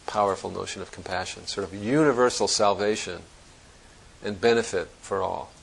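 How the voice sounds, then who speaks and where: Male Zen teacher with a low, gravelly voice, giving a searching dharma talk in a reflective way. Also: moderate pace, poor audio. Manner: reflective, searching, conversational with restarts.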